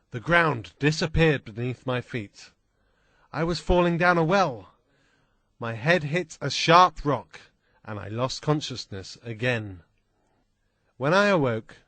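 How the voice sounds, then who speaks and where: A man reading a first-person adventure story aloud in a slow, deliberate, plain manner. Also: mid-range voice, pushed and bright, no echo. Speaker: audiobook reader.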